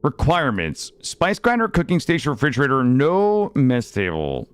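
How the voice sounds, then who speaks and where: A man streaming live, giving excitable and loud gameplay commentary to his chat. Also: mid-range voice, normal speed, clear, resonant tone, faint music behind.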